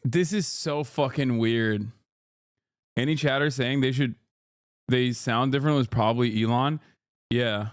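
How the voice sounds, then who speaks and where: A man's voice: medium pitch, a little slow, pauses often, clear, resonant tone, no room sound, studio quality. A man hosting a livestream, reacting to clips in casual, blunt and profane chat. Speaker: livestream host.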